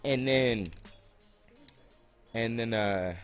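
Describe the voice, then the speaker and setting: A man's voice: medium pitch, drawn-out words, clear, resonant tone, soft background music. A young man in casual, slangy storytime, losing his voice a little. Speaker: vlogger.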